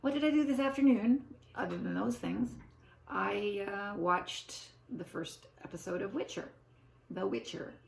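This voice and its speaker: With a gravelly, mid-range voice and big swings in pitch, an older woman talks at an unhurried pace. She's a vlogger in a loose, rambling chat, often trailing off into forgetful asides to herself, recorded in an echoey room.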